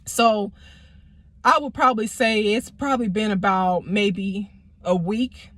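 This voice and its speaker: A woman's voice: medium pitch, fairly even intonation, measured pace, a bit bright, dry recording, studio quality. A woman vlogger telling a personal story casually, rambling and swearing as she goes. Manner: profane, rambling, acts out quoted people.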